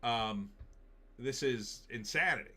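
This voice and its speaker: A man's voice: mid-range voice, slow, pushed and bright. A man hosting a political commentary show, giving opinionated, emphatic takes and reading out viewer comments.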